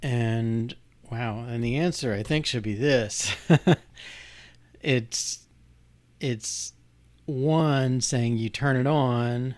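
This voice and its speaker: Man, slow-paced, thinking aloud, hesitant restarts, live coding walkthrough. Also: mid-range voice. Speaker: programmer demonstrating code.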